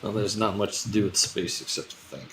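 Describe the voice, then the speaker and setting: A man in casual in-character role-play as a crew leader, musing out loud and swearing freely. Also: lowish voice, brisk, noisy background.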